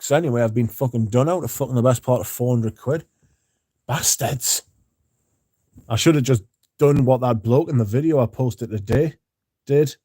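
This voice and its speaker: A man's voice: mid-range voice, normal speed, pauses often, dark tone, breathy edge. A man hosting a casual livestream, reading out chat messages and swearing freely. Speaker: livestream host.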